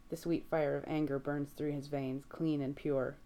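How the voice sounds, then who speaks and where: Low-voiced woman reading fiction. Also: little pitch movement, moderate pace, mellow. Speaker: reader.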